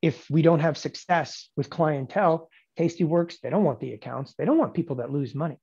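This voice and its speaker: Forties guy teaching trading, husky voice, sarcastic and emphatic, kinda muffled recording. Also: on the high side, a little fast, darkish tone. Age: 40s. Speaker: options trading instructor. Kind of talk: live trading lecture.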